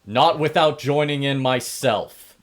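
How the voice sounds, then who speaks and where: A man's voice: mid-range voice, takes it slowly, a loud crowd, pitched above the performer's own voice, close to an everyday voice. A man voicing a commanding male military leader giving a rousing public speech. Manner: rousing, oratorical.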